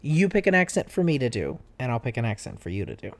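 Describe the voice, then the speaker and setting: A man's voice: mid-range voice, very animated, fast. A man, a dad, hosting a casual podcast chat with his child, asking playful, goofy questions. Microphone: podcast microphone.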